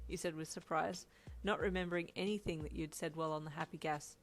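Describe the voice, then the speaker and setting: A woman narrating a fan fiction story in a steady, low-key way. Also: fairly quick, soft background music.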